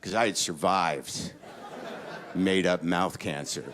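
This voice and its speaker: A middle-aged man doing a stand-up comedy set, ranting neurotically and jumping into panicked high-pitched voices. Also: takes it slowly, heavy background noise. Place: comedy stage before a laughing audience.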